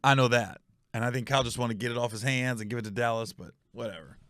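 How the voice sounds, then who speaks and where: A man's voice: medium pitch, steady tone, fast, a bit bright, no room sound, studio quality. A middle-aged man from Ohio telling a casual story as a podcast host, acting out quotes and laughing at his own tale.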